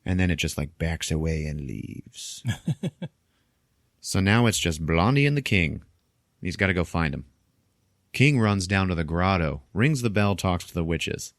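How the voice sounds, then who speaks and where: A man hosting a podcast, recapping a film in casual chat with animated storytelling, frequent laughter and swearing. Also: deep voice, a little slow, dry recording, studio quality. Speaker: podcast host.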